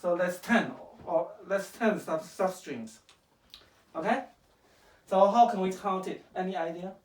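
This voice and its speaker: A woman's voice: on the low side, a little slow. A woman teaching programming to a child at home, patient and questioning, checking often that she is understood. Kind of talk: casual home coding lesson. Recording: echoey room, far from the mic.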